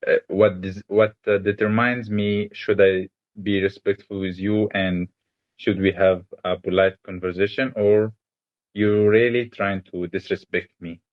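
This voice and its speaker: A man's voice: lowish voice, little pitch movement, measured pace, lo-fi sound. A man from Egypt answering interview questions, hesitant, with many fillers and restarts.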